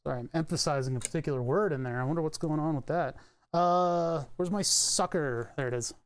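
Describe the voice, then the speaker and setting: This electronics streamer solders at his home workbench and chats casually on his live stream, rambling, thinking out loud, and swearing in an offhand way. His voice is on the high side, smooth, and a little fast.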